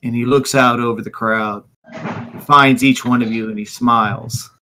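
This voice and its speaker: A man running a tabletop game, painting each scene in vivid, unhurried detail. His voice is bright and clear, at an ordinary pitch for a man. He pauses and restarts here and there as he describes. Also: fairly even intonation, a little hiss or hum. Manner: descriptive, vivid narration with fillers. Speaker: game master.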